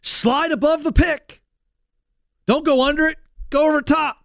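A man voicing a gruff male high school basketball coach who shouts quick corrections from the sideline. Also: steady tone, no echo, studio quality, full character voice. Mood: barking. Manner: shouting quick in-game orders.

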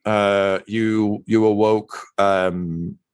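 A man's voice: lowish voice, little pitch movement, extremely slow, darkish tone, clear, resonant tone, no echo. A man narrating a tabletop game as game master, hesitant with many "um" and "uh" fillers.

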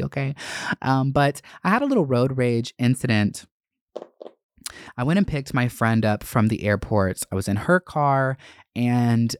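Profane, animated young man ranting. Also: no room sound, studio quality. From Atlanta area. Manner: profane, animated, quick bursts of rising pitch. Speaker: content creator. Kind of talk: casual storytime rant.

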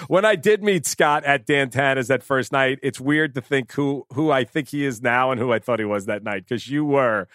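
A middle-aged man hosting a casual podcast chat, talking excitedly, repeating and restarting his words and laughing often. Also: mid-range voice, normal speed, no room sound, clean studio sound. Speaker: podcast host.

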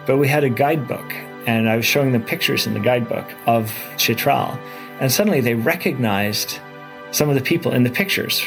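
A man's voice: mid-range voice, fairly quick, creaky. Traveler man, documentary interview, eager storytelling, music under. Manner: enthusiastic, with restarts and repeated words. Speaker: adventurer recounting his trip.

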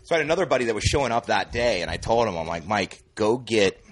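Man, podcast guest, quick talker, rambling storyteller, casual chat. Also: lowish voice, animated. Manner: rambling storyteller, many fillers.

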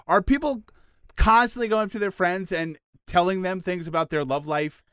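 A man's voice: normal speed, smooth, no room sound, studio quality. A man co-hosting a podcast, chatting in a playful, jokey way. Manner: playful, jokey, lively pitch swings. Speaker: podcast co-host. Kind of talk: casual comedic chat.

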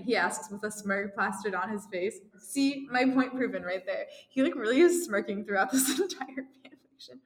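A woman's voice: medium pitch, lively intonation, normal speed, hardly any pauses. A young woman co-hosting a casual chat, reading fan fiction aloud and rambling with lots of fillers and giggles. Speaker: podcast co-host. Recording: echoey, reverberant room.

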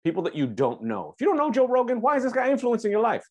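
A man's voice: extremely high pitch, huge pitch swings, quick pace. A man guesting on a comedy podcast, talking emphatically and laughing often. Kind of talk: casual comedy podcast chat.

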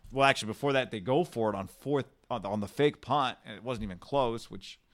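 A man co-hosting a casual sports chat, talking fast and building his argument over the other speaker. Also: medium pitch, fairly bright tone.

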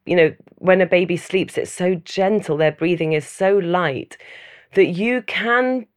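A woman speaks in a somewhat low voice, reflective and measured. She builds her points in steady lists and gives a thoughtful personal account in an interview. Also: smooth. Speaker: mother interviewed about loneliness.

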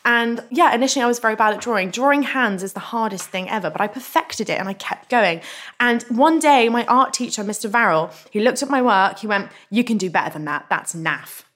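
A young woman, a guest in a casual interview, telling stories frankly, animated and swearing freely. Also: fairly high pitch, brisk. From England.

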